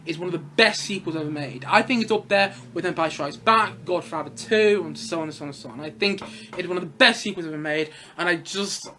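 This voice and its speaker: A young man reviewing films in a casual vlog, excitable and gushing, rambling along with bursts of laughter. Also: high-pitched, brisk. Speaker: film reviewer.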